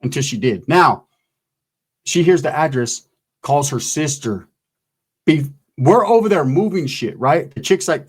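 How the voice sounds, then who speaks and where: A man's voice: on the high side, expressive, unhurried, pauses often, husky. A man telling a crude, rambling stand-up story, tagging lines with "right?" and acting out other people's voices. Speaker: stand-up comedian.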